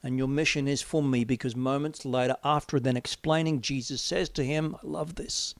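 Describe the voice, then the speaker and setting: A man's voice: mid-range voice, steady tone, normal speed, no echo. Emphatic middle-aged male preacher, dry sound. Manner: emphatic, swinging from loud declarations to hushed near-whispers. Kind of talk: sermon.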